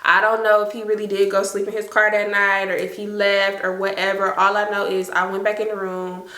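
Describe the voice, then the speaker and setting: Bright-voiced woman telling a storytime. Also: medium pitch, fairly quick, roomy sound. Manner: animated, slangy, addresses viewers as y'all. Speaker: storytime vlogger. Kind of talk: casual storytime.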